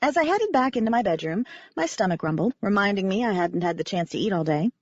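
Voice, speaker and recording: A woman reading a first-person audiobook in a wry, expressive narration. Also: mid-range voice, fast, dry recording, lo-fi sound.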